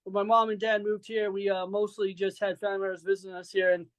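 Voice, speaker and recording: A man's voice: sits high, little pitch movement, fast, no echo, low-quality recording. A man in his forties from Saint Louis, a wrestler guest chatting loosely with lots of fillers and some brash trash-talk. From Saint Louis, Missouri. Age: 40s. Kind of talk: casual interview chat.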